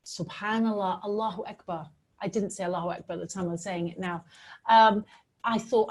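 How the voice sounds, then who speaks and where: A middle-aged woman from Britain giving a talk with slides, telling stories in an earnest, animated way. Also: medium pitch, a little fast. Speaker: public speaker.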